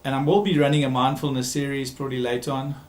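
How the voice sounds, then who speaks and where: A man's voice: medium pitch, fairly even intonation, fast. Emphatic male therapist in an echoey room. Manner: emphatic, repeats key words, frequent ums. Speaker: therapist giving a talk series. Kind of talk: recorded talk on conflict.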